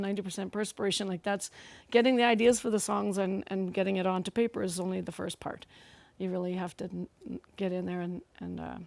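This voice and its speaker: Chatty woman with a gravelly voice. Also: medium pitch, no room sound. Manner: chatty, laughs often, animated storytelling. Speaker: guest singer-songwriter. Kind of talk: casual storytelling on a live talk show.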